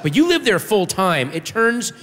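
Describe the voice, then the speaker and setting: A man doing a stand-up comedy set, telling a story with animated delivery and shouting his punchlines. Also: high-pitched, moderate pace, a little hiss or hum. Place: comedy club stage with audience. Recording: reverberant room with faint audience.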